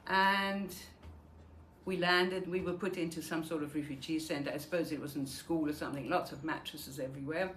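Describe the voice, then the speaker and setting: This Holocaust survivor, an older Danish woman, talks briskly in a low-pitched voice that stays steady and sounds a bit bright. Her personal memoir talk brings her wartime memories to life, with the dialogue acted out. The recording has an echoey room and faint noise.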